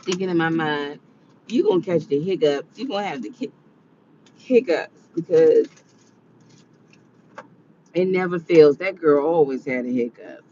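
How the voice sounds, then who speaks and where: A woman's voice: deep voice, animated, unhurried, pauses often, warm tone, slight background noise. Tired chatty woman, dull lo-fi sound. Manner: chatty, rambling, addresses viewers as y'all. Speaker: vlogger talking to viewers. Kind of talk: casual monologue.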